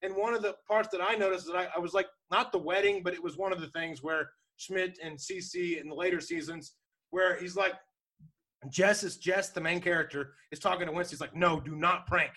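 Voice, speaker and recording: A man co-hosting a casual talk show, retelling a sitcom in a rambling, animated way with bursts of laughter. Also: high-pitched, fairly quick. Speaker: podcast co-host. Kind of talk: casual chat.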